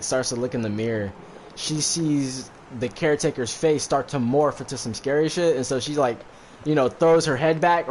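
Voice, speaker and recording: Brief: laid-back male streamer, mid pitch, rambling slangy recap, faint hiss behind. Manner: rambling, heavy fillers, profane. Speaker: streamer recapping a movie while gaming. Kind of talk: casual slangy retelling with acted quotes.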